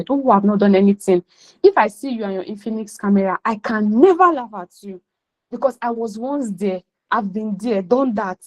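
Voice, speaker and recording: A woman's voice: medium pitch, darkish tone, rough recording. A Nigerian woman coaching a class over a video call, speaking bluntly and repeating her key points for emphasis. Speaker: career coach teaching a class. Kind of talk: motivational class talk on a call.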